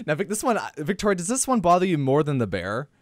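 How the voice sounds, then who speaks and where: A man's voice: high-pitched, wildly swooping pitch, normal speed, no echo, studio quality. A young man co-hosting a casual podcast, joking around and presenting a story in a playful tone. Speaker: podcast co-host. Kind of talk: casual chat.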